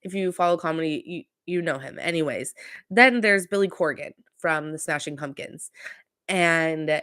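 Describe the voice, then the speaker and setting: A woman's voice: low-pitched, moderate pace, a bit bright, no room sound, studio quality. A woman from Southern California hosting a casual pop culture podcast, rambling chattily with fillers and self-corrections. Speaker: podcast host.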